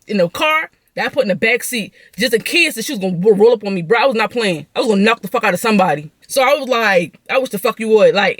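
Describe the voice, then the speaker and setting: A young woman telling a venting story at a quick clip, profane and animated. Her voice is dry and close, with no room sound around it, and her pitch sits mid-range. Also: no echo. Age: young adult. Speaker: vlogger.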